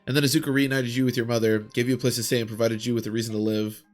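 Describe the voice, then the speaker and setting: A man reading out a calm, perceptive young woman from a video game, in his own plain voice. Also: mid-range voice, very fast, faint music behind, natural voice. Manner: plain read-aloud of game text.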